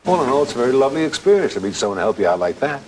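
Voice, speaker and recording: A man's voice: mid-range voice, big pitch swings, racing, a little mellow, a little hiss or hum. A man telling a true ghost anecdote in a dramatic, conversational way. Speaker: guest storyteller.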